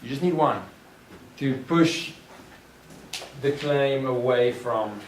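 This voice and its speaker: A man lectures a classroom at an unhurried pace, stopping to ask his students questions as he works through ideas. He is picked up from a distance in an echoey room, with clear noise behind him. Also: mid-range voice. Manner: thinks aloud, poses questions to the class. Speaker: teacher.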